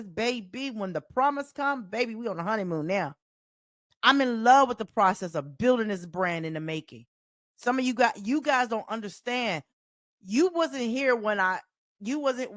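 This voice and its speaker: A woman with a light Southern US accent talks straight into a close mic, coaching her podcast listeners. Her delivery is animated and folksy, and she repeats key phrases like a preacher driving a point home. The sound is dry, with no room echo. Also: fairly high pitch. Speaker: life coach and podcast host. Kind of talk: solo motivational podcast talk.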